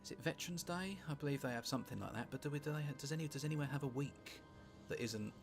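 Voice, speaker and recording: British man, gravelly low voice, rambling wry game commentary, swears in asides, music playing underneath. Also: fast talker. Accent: British English. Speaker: gameplay commentator. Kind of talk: casual let's-play commentary.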